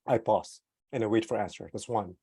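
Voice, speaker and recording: A man with a husky voice talks about product management online, recorded dry through a desktop USB mic. His casual delivery includes fillers, soft laughs, wide shifts in pitch and volume, and purposeful pauses and slowing down.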